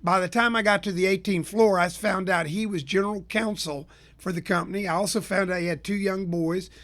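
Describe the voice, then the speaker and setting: A man from Florida, a business consultant hosting his own show, telling sales stories in a folksy, energetic rant. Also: sits high, fairly quick. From Tampa area, Florida. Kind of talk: storytelling rant to listeners.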